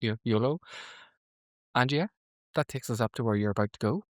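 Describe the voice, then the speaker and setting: A man's voice: mid-range voice, moderate pace, no room sound, clean studio sound. A man co-hosting a podcast, giggling and gushing as he recaps scenes. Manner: giggly, enthusiastic, acts out quotes. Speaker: podcast co-host. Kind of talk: casual recap chat.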